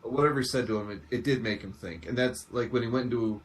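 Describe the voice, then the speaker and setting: A man with a mid-range voice chats about a show, often pausing to search for words. A faint hum runs under the recording. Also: medium pitch. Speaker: podcast co-host. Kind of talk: casual fan review chat.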